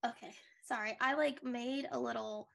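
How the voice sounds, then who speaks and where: Co-hosting a casual recap chat, a young woman rambles along, restarting often and saying "like" a lot. She speaks at normal speed in a higher, slightly bright voice with vocal fry and a steady tone.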